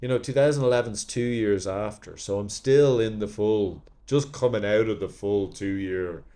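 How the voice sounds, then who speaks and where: A man's voice: lowish voice, normal speed, warm tone. A man, an actor and podcast guest, telling rambling stories from his career in casual chat, swearing freely. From Ireland. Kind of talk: casual anecdotes.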